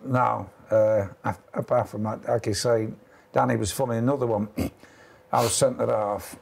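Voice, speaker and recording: A man's voice: medium pitch, fairly even intonation, moderate pace, creaky, darkish tone, breathy edge. A man who used to play football, recalling old matches in a dry, matter-of-fact way during a casual interview. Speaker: former footballer.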